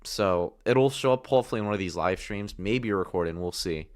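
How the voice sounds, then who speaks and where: A man's voice: deep voice, a little fast. A man hosting a gameplay livestream, chatting loosely with viewers, with plenty of fillers. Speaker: livestream host. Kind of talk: casual gameplay livestream commentary.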